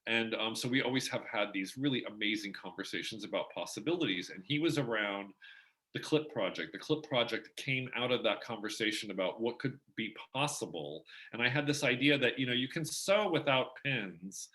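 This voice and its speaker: A middle-aged man telling his story as an interview guest, animated and acting out the voices of people he quotes. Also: medium pitch, normal speed.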